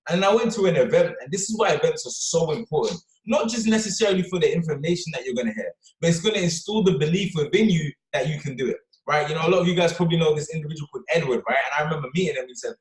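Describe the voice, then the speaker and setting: A fast-talking man with a slightly high voice delivers a motivational talk to his team. He drives his points home with constant "right?" and "okay?" tags. The sound is echoey, like a bare room. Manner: energetic, punctuates with "right?" and "okay?". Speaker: motivational speaker on a team call. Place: office or London.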